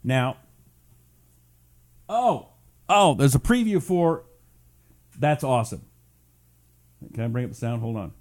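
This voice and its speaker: A man's voice: medium pitch, big pitch swings, moderate pace, long pauses, warm tone, no echo. A man hosting a livestream talk show, reading viewer comments aloud with joking, mock-apologetic asides.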